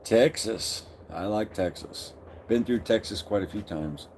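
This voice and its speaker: A man's voice: lowish voice, a little slow, darkish tone, a little hiss or hum. A middle-aged man hosting a casual live stream, greeting viewers by name and reading their comments aloud.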